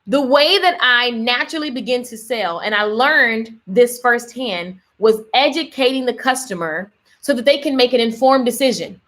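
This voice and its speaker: High-ish woman voice, pumped-up business coach live streaming, repeats stuff for emphasis. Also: normal speed, few pauses. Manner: energetic, emphatic, repeats key lines, reads out viewer comments. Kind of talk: motivational live-stream talk to viewers.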